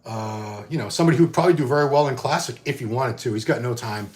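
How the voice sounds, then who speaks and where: Man in his fifties, mid-pitched, loose conversational solo chat full of fillers. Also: very fast. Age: 50s. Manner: rambling, conversational, frequent fillers and restarts. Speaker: bodybuilding magazine host. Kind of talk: casual solo vlog chat.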